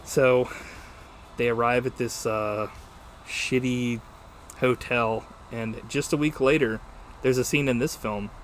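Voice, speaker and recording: A young man in casual podcast talk, swearing freely and acting out movie lines as he retells them. His voice sits at an ordinary pitch. A faint hiss runs under the recording. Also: takes it slowly, pauses often. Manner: profane, animated retelling of scenes. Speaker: podcast co-host.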